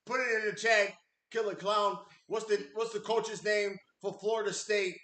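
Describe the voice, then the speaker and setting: Man hosting a live fan stream: fiery, profane ranter with a high, bright voice, in an echoey room. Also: steady tone, normal speed. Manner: profane, heated ranting; reads chat messages aloud. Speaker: livestream host and football fan. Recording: roomy echo.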